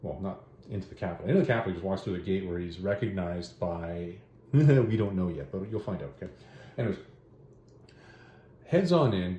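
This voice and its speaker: A man hosting, giving a rambling, joking recap of a story in a casual way. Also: low-pitched. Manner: rambling, joking, animated retelling. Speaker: host reviewing stories and comics. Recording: roomy echo.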